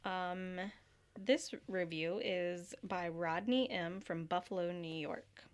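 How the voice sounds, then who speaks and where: A woman's voice: on the low side, slow. A woman co-hosting a haunt podcast, giggly and teasing in casual chat. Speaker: podcast co-host.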